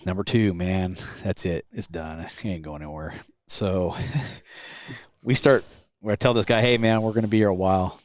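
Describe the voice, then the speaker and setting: A low-pitched man spins a casual story about a helicopter rescue. He is animated and laughs often, putting on the voices of the people in it. His voice sounds dry and close. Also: moderate pace, no room sound. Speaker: award-winning helicopter pilot guest. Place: convention floor.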